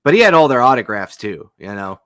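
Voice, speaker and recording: A man's voice: mid-range voice, very animated, a little fast, a bit bright, dry recording. Guy cohosting a gaming podcast, rambly, lots of likes, dry sound. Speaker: podcast co-host. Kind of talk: casual chat watching a documentary.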